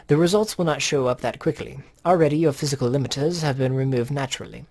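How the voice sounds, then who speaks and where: A man voicing a calm, formal male strategist who explains things in a measured way. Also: medium pitch, gravelly.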